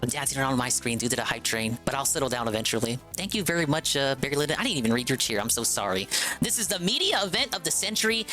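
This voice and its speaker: A man hosting a casual live stream, excitable and rambling, with lots of fillers and restarts. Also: mid-range voice, rapid-fire, soft background music.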